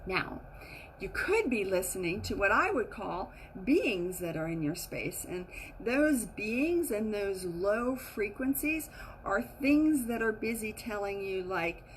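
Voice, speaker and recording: A woman giving a casual teaching talk as a spiritual teacher, animated and acting out the inner voices she quotes. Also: medium pitch, takes it slowly, a little hiss or hum, poor audio.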